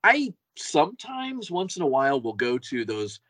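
A man's voice: on the high side, huge pitch swings, normal speed, fairly bright tone, no room sound. A man co-hosting a podcast, chatting casually and enthusiastically, often repeating words as he goes. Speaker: podcast co-host. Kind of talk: casual chat.

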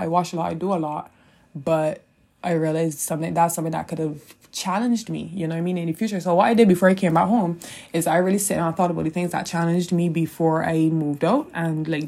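A woman's voice: fairly low pitch, darkish tone. A woman in her twenties with a Caribbean English accent, hosting a solo podcast in a chatty, rambling way, swearing freely and laughing often. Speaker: podcast host. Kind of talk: casual solo podcast monologue.

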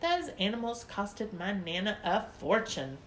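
A woman voicing a bossy, prissy little girl who scolds in a shrill, prim voice. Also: big pitch swings, measured pace, a little hiss or hum.

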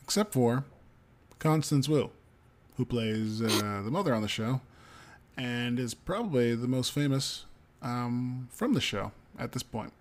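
A man's voice: medium pitch, expressive, a little slow, a little hiss or hum. A man co-hosting a podcast, reading entertainment news aloud with frequent ums and casual asides. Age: adult parent of a young child. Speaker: podcast co-host.

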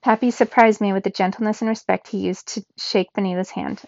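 A woman reading a children's novel aloud in a steady first-person narration. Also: medium pitch, a little fast, vocal fry, no room sound, highs cut off. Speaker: reader.

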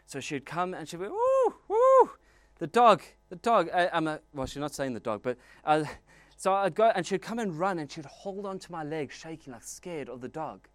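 Man, pastor preaching, lively storyteller, fairly high voice, dry sound. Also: a little fast, no room sound. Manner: animated, storytelling with asides and jokes. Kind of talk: sermon.

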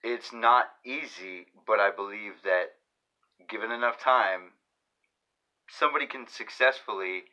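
A man's voice: lowish voice, a little slow, bright, forceful tone, poor audio. A man with a Boston accent hosting a casual podcast, rambling, self-correcting and swearing often. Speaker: podcast host.

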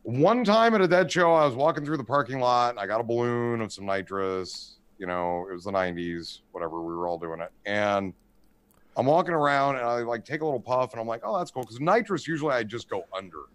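A man's voice: medium pitch, fairly quick. A man in his forties telling rambling, profane stories in casual chat, acting out the people in them. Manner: rambling, profane storyteller, animated voices in quotes. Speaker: podcast host.

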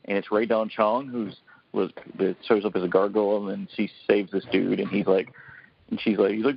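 A man's voice: on the low side, fairly quick, creaky, slightly rough. A man in his forties telling stories in a casual podcast roundtable, acting out the voices he quotes. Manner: excitable storyteller, acts out quoted voices. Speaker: podcast panelist. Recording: dull lo-fi podcast audio.

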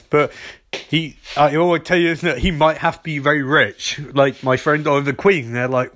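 A man's voice: on the high side, fairly bright tone. Sarcastic man mocking a TV episode. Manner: sarcastic, mocking, acts out characters in quick mini voices. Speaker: TV episode reviewer. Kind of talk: casual spoken recap.

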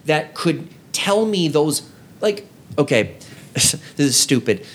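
Speaking slowly in a husky, sing-song voice on the high side, a podcast co-host shares stories earnestly among friends. He acts out the scenes, voicing each line he quotes.

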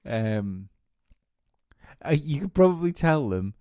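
A man's voice: medium pitch, very animated, slow, dark tone, clear, resonant tone, dry recording. A man co-hosting a podcast in casual comic chat, swearing freely and often restarting his sentences. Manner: sweary, hesitant restarts, dry humour. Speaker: podcast co-host.

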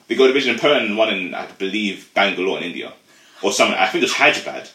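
A man chats fast and rambles on a casual podcast, often restarting his sentences. His low voice swings widely in pitch and sounds bright. The room adds a clear echo. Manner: rambling, fast, lively, self-correcting. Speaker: podcast co-host.

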